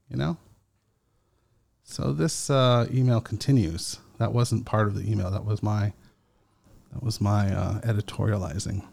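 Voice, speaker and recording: A man hosting a casual solo podcast, talking slowly and haltingly with many fillers, still foggy after an edible. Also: on the low side, fairly even intonation, gravelly, mellow. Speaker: podcast host.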